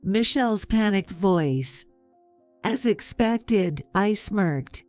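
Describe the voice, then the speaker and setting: A woman in her fifties narrating a story in a calm, measured, sarcastic way. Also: mid-range voice, clear, resonant tone, no room sound, faint music behind.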